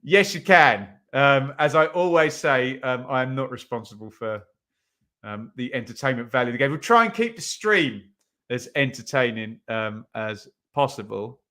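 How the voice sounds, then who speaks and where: Hosting a live watch-along of a football match, a young man chats with his viewers at a moderate pace, reading out what they post in the chat and frequently saying "um." His medium-pitched voice is expressive, pushed, and bright.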